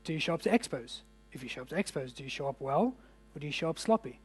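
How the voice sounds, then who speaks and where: Fast and animated, with a high-leaning, breathy voice, a man coaches business owners at a live workshop in an indoor event room. He keeps it casual and jokey, firing questions at the crowd.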